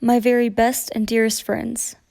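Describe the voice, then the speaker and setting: A woman voicing a gentle, simple male teddy bear in a storybook read-aloud, speaking in a polite, earnest manner. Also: a little high, little pitch movement, normal speed, gravelly. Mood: cheerful.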